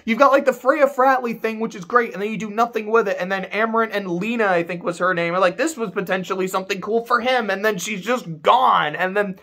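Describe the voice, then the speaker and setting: A man's voice: high-pitched, brisk, few pauses, bright, forceful tone. A man giving a casual, sarcastic and profane rant as a video game reviewer.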